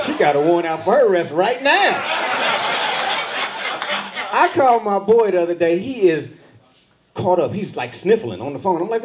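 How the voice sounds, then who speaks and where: Man, middle-aged, stand-up comedian, high voice, big swings in pitch, live club crowd laughing. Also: wildly swooping pitch, moderate pace, long pauses, heavy background noise.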